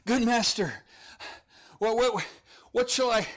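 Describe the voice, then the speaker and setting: A man's voice: very high-pitched, animated, takes it slowly, fairly bright tone, pitched above the performer's own voice, heavily acted. A man acting out a panting young man who has just run and dropped to his knees. He stammers and repeats himself, short of breath, in a strained, raised voice. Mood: breathless pleading.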